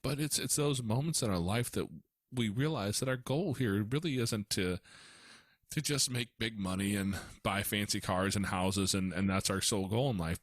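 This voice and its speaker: A man's voice: lowish voice, dry recording, studio quality. A man hosting a podcast as a foster parent, telling stories casually with lots of restarts. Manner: storytelling, animated, frequent restarts.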